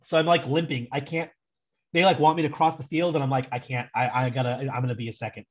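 Young American guy, guest storyteller, casual and rambling, husky tone, muffled call line. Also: mid-range voice, fast talker. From United States. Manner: rambling, animated, heavy use of "like". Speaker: guest, soccer super fan.

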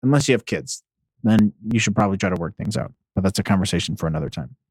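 A man's voice: deep voice, lively intonation, fast talker, slightly rough, no room sound, clean studio sound. A man hosting a casual comedy podcast, reacting to online posts with blunt, sarcastic, profane commentary. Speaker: podcast host. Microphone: headphones on, close mic.

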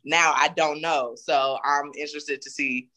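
A woman co-hosting a casual chat, telling animated, profane stories. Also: deep voice, unhurried. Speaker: podcast co-host.

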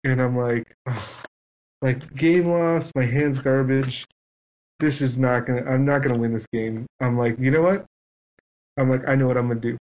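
A man's voice: medium pitch, fairly even intonation, moderate pace, darkish tone, poor audio. A man on a podcast telling a long story in casual chat, acting out both sides of it. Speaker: guest.

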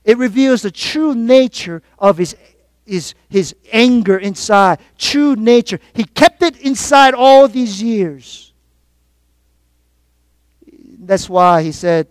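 A man preaching a sermon to his congregation, calling out for responses and swinging between quiet reflection and loud exhortation. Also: high voice, lively intonation, slow pace, dry recording. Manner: call-and-response preaching, rising and falling in force. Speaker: pastor.

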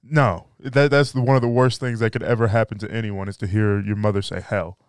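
A man's voice: lowish voice, fairly even intonation, brisk, smooth, no room sound, studio quality. A young man hosting a podcast, chatting casually and joking in a laid-back way. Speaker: podcast host. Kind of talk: casual chat.

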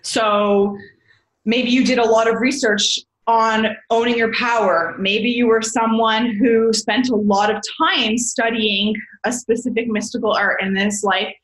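A woman's voice: on the high side, fairly even intonation, unhurried, a bit bright, echoey room, rough recording. A woman explaining astrology in a casual, rambling way, often correcting herself as a podcast guest. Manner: rambling, self-correcting, chatty, calls listener babes.

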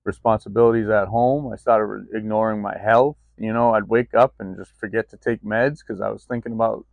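A man with a low, gravelly voice talks in a loose, confessional vlog, full of ums and restarts. The sound is close and dry, recorded outdoors in the cold. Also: steady tone, brisk, no echo, phone-quality sound. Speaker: vlogger. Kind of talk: candid personal vlog.

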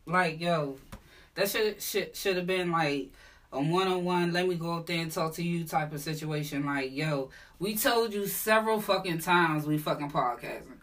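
A woman's voice: fairly low pitch, normal speed, fairly bright tone, recorded from a distance. A woman co-hosting a podcast in casual chat, blunt and emphatic, swearing and saying yo often. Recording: voice set back from the mic.

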